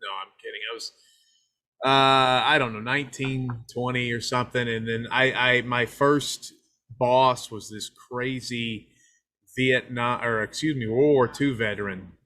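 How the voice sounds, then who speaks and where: A man's voice: mid-range voice, fairly even intonation, unhurried, sharp tone. Rambling, joking man guest. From Knoxville, Tennessee. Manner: rambling, self-deprecating joking. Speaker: guest filmmaker. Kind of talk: casual interview chat.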